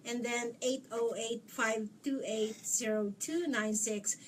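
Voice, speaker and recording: A woman's voice: a little high, fairly even intonation, takes it slowly. A middle-aged woman hosting a live chat show interview, bubbly and joking, laughing often. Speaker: talk show host. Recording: distant mic, faint background noise.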